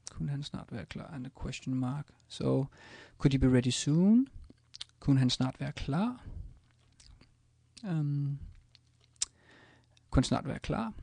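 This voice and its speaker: A man's voice: mid-range voice, takes it slowly, gravelly, long pauses, warm tone, no echo. A man teaching a language in a casual screencast, hesitant, with many ums and restarts as he types examples. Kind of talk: screencast lesson, typing examples.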